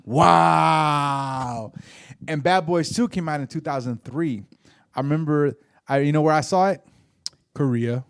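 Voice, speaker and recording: A man's voice: on the high side, a little slow, creaky, clean tone, no echo, studio quality. A man in his forties, co-hosting a podcast, tells a rambling story in casual chat full of fillers and restarts. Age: 40s. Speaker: podcast co-host.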